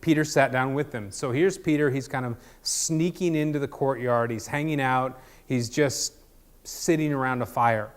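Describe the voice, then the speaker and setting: Guy preaching, laid-back and jokey, lots of ums, middle pitch. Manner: conversational, jokey, many ums and restarts. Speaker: pastor. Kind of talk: casual sermon.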